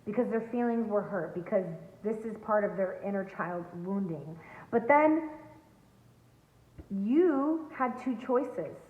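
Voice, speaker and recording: A tarot reader at home near a backyard gives her viewers an earnest, emphatic reading in a spiritual coaching tone. Her voice is medium-pitched, expressive and slow. The recording is echoey and tinny, like a phone.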